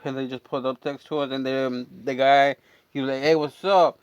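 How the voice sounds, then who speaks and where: A man's voice: mid-range voice, fairly even intonation, fairly quick, clean tone, no echo, lo-fi sound. A man telling a long, rambling, profane story from his neighborhood in a casual chat, full of fillers. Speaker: storyteller and channel host.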